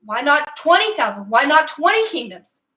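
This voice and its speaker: A woman voicing a sly magic lamp in a spoken fable, with a smooth, coaxing tone. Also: sits high, very animated, moderate pace, pushed and bright, voice pushed up, full character voice.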